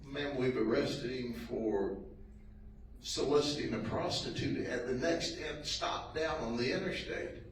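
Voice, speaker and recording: A man's voice: mid-range voice, a little slow. Folksy man telling stories in an echoey hall. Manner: folksy, chuckling, lively delivery. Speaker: sheriff speaking at a community event. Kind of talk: anecdotal storytelling to an audience. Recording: echoey, distant, noisy room.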